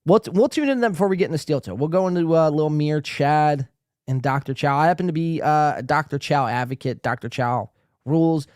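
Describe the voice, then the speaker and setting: A man's voice: a little high, fairly quick, dry recording, clean studio sound. A man hosting a reaction podcast, ranting and swearing in casual commentary. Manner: profane, ranting, excitable. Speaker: podcast host.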